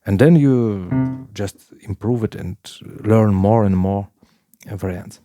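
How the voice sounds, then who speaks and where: A man teaching a piano lesson in plain talk, with halting phrasing, counting beats aloud while he plays. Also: on the low side. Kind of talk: casual piano tutorial. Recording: piano playing loudly alongside.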